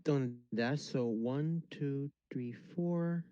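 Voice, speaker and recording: A man playing a tabletop game, counting out his rolls aloud and calmly asking for help. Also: mid-range voice, clean tone, no room sound, highs cut off. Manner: slow, counts dice aloud. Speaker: player.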